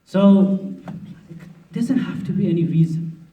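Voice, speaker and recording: Speaking slowly in a high-pitched but dark-toned voice, a mufti leads a workshop lecture on marriage, keeping it conversational and funny as he plays out what spouses say. He's in a mosque hall at a conference, recorded from a distance in a roomy space with dull sound.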